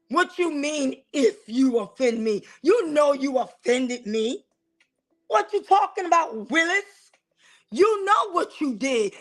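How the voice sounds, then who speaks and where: High-voiced sassy woman host. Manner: sassy, animated, talks straight to the audience. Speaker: talk show host. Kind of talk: casual preaching-style commentary.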